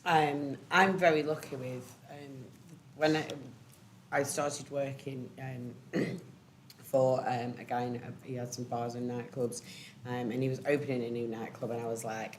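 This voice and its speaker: A woman on a panel, telling a personal story candidly and emotionally, with many pauses and ums. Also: very deep voice, fairly even intonation, slight background noise. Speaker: panel speaker.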